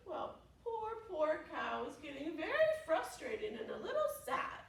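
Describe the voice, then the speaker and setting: A woman's voice: very high-pitched, wildly swooping pitch, slow pace, gravelly. A woman children's librarian reading a story aloud to preschoolers in a sing-song way, stopping to ask the children questions. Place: library room. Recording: roomy room, voice from a distance.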